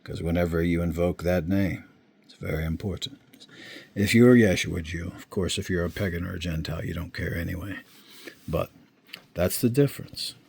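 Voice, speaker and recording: A man giving an informal Bible lesson, explaining slowly and checking in often with his listeners. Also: deep voice, steady tone, gravelly, darkish tone, breathy edge. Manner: slow, unhurried explaining with frequent check-ins. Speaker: Bible teacher. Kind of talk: informal screen-share teaching.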